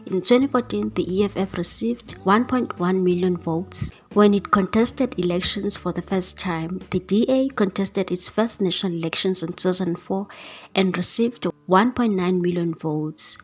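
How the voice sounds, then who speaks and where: A woman presenting news in a steady, scripted read, ending with a sign-off to viewers. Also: medium pitch, normal speed, slightly rough, soft background music.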